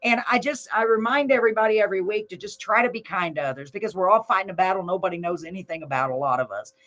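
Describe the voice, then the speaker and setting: A woman's voice: mid-range voice, expressive, racing, a bit bright. A woman hosting a live show, folksy and gushing, laughing often. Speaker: host. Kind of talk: casual live show chat.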